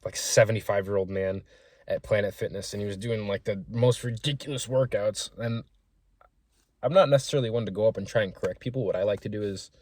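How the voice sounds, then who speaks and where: A young man with a fairly low, darkish voice talks a little fast, with no echo in the recording. He's a small business owner rambling through frank, profane gym stories for a casual vlog, acting out the quotes as he goes.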